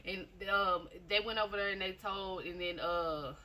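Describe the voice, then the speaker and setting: A woman tells her personal testimony in a loose, chatty way, circling back over the same phrases and talking right to her listeners. Her voice is bright and forceful, with a pitch in the middle range for a woman. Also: moderate pace, slight background noise. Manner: chatty storytelling, repeats phrases, addresses listeners directly. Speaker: testimony speaker.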